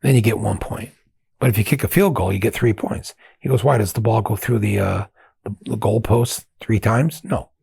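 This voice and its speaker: Older american guy hosting a podcast, gravelly husky voice, dry close sound, acts out the other voices. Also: moderate pace, no echo. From United States. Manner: animated, mimics chants and voices with big pitch jumps. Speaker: podcast host. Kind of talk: casual storytelling monologue.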